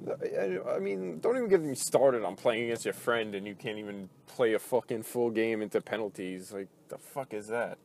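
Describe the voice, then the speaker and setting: A man's voice: on the low side, animated, moderate pace, hardly any pauses, a little mellow, a little hiss or hum. A man ranting casually about a video game, frustrated and profane, rambling with lots of fillers and restarts. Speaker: gaming video host.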